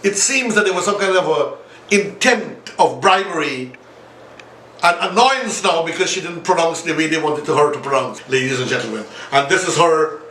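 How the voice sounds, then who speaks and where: An impassioned man delivers political commentary, turning again and again to his viewers. His voice is high and bright. He sounds set back from the mic in an echoey room. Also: expressive, moderate pace, far from the mic, a little hiss or hum. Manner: repetitive, appealing directly to viewers. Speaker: online show host.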